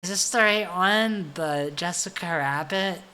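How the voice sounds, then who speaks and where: A woman's voice: lowish voice, a little slow, sharp tone. A tipsy woman streamer chatting casually with viewers on a livestream, giggly and self-deprecating.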